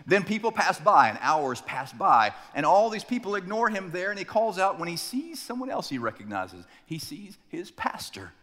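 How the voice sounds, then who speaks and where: A male pastor preaching a sermon in a church sanctuary, telling stories with dramatic slowdowns for emphasis. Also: high voice, very animated, fairly bright tone, in a large hall.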